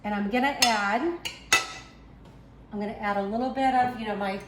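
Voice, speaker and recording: A woman's voice: medium pitch, steady tone, moderate pace. Chatty Boston woman in an echoey kitchen. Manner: chatty, talks while working, self-deprecating asides. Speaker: home cook, channel host. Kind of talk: casual cooking demonstration. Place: home kitchen. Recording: echoey kitchen with faint background noise.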